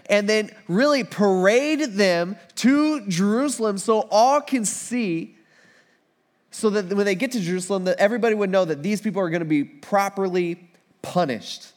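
A man preaching a casual, animated sermon in an everyday, conversational tone. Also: a little high. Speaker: pastor.

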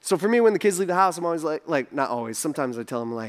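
Rapid-fire and slightly high, with lively intonation and hardly any pauses, this man preaches casually as a pastor. His talk is loose and conversational, packed with "like," and he voices the people he quotes.

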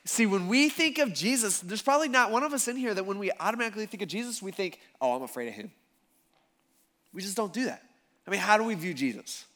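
A male pastor preaching a conversational sermon to a church congregation, telling the story in a casual, animated way with lots of fillers. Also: high voice, fast talker. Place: church service before a congregation.

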